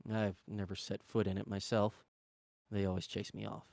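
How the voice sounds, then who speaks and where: A man voicing a grave, stoic male demon warrior who talks in a low, measured way. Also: level tone, creaky, darkish tone, no echo.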